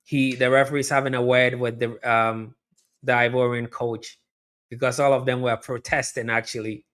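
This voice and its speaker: A man's voice: medium pitch, moderate pace. A man hosting a live watch-along, chatting through the match and talking straight to his viewers. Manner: chatty, talks to viewers directly, repeats himself; erupts into loud excited shouting at near misses. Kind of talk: live match reaction commentary.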